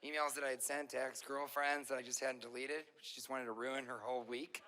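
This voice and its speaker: A man's voice: medium pitch, little pitch movement, brisk, noisy background. A man doing stand-up comedy with exaggerated, playful rants.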